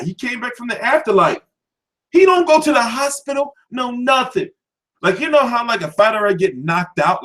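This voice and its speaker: A man hosts a profane, laughing boxing rant. His voice sits high and leaps all over the place as he acts out what people say. It is loose, casual talk straight to camera. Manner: animated, laughing, mimics voices mid-story. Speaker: boxing commentary host.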